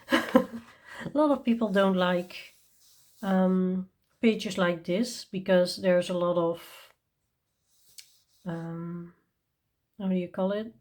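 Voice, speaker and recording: Tired and yawning, a coloring channel host shows her viewers some coloring books in a casual show-and-tell review, enthusiastic despite the fatigue, with frequent ums and small laughs. She talks at an unhurried, leisurely pace. Her voice is fairly low, a little mellow, and fairly even in intonation.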